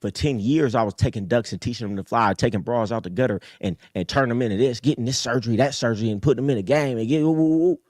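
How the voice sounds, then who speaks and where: A man hosting a live call-in show, talking casually in a streetwise, preachy way that swings from low mutters up to high emphatic bursts. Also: fast, few pauses, darkish tone, no room sound, studio quality. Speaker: host. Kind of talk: casual livestream talk.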